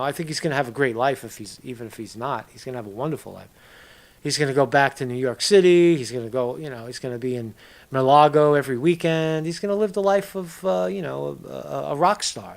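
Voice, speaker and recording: A man's voice: medium pitch, quick pace, gravelly. A man giving a casual commentary video, ranting in a profane, rambling way and tagging lines with "right?". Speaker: political commentator.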